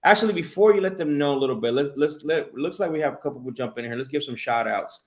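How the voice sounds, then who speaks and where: A man hosting a live streamed show, chatting casually and energetically, calling out shout-outs with lots of fillers. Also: a little high, fast talker.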